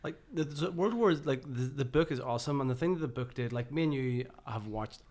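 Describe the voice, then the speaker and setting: A man's voice: medium pitch, a little fast, darkish tone. A man co-hosting a podcast, talking eagerly with many restarts in casual chat. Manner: enthusiastic, stumbling restarts. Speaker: podcast co-host.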